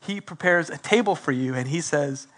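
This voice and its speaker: Male preacher, high-pitched, animated sermon delivery that slips into acted quotes. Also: moderate pace. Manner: animated, acts out quoted voices. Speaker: pastor. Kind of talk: sermon with prayer.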